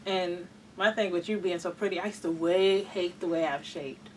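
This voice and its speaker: A woman's voice: on the low side, steady tone, normal speed, darkish tone, slight background noise, low-quality recording. A woman guest in a frank casual chat, mostly making short remarks and laughing along.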